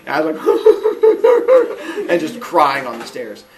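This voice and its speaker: A man in his forties telling a childhood story casually, animated and laughing often, acting out quotes in a high voice. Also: brisk, far from the mic, crowd noise. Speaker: podcast host.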